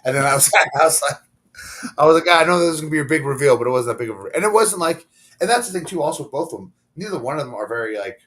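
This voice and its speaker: A man's voice: on the high side, very animated, racing, a bit bright. A middle-aged man, a professional wrestler guesting on an interview show, telling stories in a rambling, casual way and acting out the dialogue he quotes.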